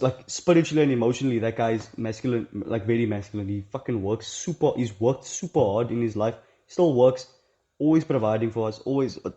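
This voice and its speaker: A young man with a mellow, medium-pitched voice delivers a casual monologue to camera on his own self-help channel. He's blunt, profane and rambling, shifting quickly into mocking imitations of other people's voices. The recording is dull and lo-fi.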